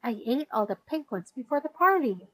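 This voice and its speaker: Bossy cheerful girl organizer, read by a woman in a storybook, high and commanding. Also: very animated, moderate pace, fairly bright tone, dry recording, exaggerated voice, low-quality recording.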